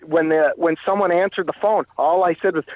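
A man from Canada, a guest in an interview, telling a personal story in a halting way, often repeating and restarting phrases. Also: sits high, fairly even intonation, no echo, highs cut off.

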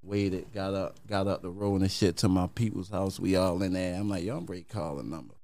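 A man's voice: low-pitched, a little fast, a little mellow. Baltimore man, rapper guest, slangy storyteller who acts out quotes. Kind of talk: casual storytelling.

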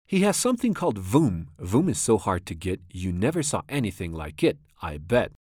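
A man's voice: lowish voice, very animated, moderate pace, a little mellow, slightly rough, no echo, clean studio sound, voice pushed down. A man voicing a mischievous, boastful big male cat in a storybook, in a smug sing-song rhyme.

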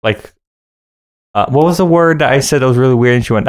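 A man's voice: mid-range voice, fast talker. A man with a Midwestern American accent in casual, rambling chat, full of fillers, recorded at home in a bedroom. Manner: relaxed, rambling, many fillers.

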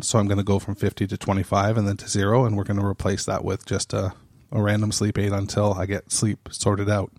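A man with a fairly low voice hosts his podcast in a casual, chatty way. He laughs easily and restarts phrases as he goes. The sound is dry and close, with no room around it. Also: darkish tone, no room sound. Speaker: podcast host. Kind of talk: casual off-the-cuff chat.

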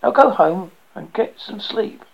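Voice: mid-range voice, expressive, a little slow, gravelly, slightly rough, lo-fi sound, pitched above the performer's own voice, exaggerated voice. A storyteller voicing a worn-out but firm man who keeps a group of desert survivors together. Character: weary, steady man leading desert survivors.

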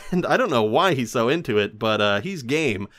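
A man hosting a casual, rambling movie recap, animated and often jumping into silly voices. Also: mid-range voice, moderate pace. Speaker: podcast host.

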